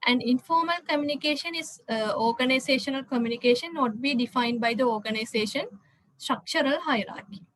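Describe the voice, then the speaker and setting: High-voiced woman lecturing with many fillers. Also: brisk, poor audio. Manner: hesitant, frequent "uh" fillers and restarts. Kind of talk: slide lecture.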